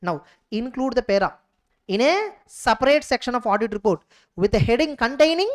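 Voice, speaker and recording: High-voiced Indian English woman lecturing. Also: very animated, brisk. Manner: repeats phrases, asks rhetorical questions. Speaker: audit exam tutor. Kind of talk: exam revision lecture.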